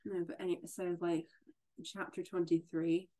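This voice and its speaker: A woman co-hosting a casual book podcast, talking haltingly with many fillers. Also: on the low side, flat delivery, dark tone. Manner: halting, full of "like" and restarts. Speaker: podcast co-host.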